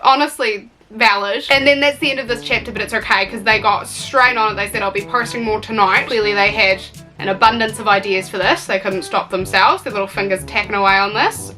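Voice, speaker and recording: Sarcastic, bright-voiced woman reading aloud. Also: medium pitch, a little fast, faint music behind. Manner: sarcastic, exasperated running commentary. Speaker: reaction video host. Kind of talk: comedic reading with commentary.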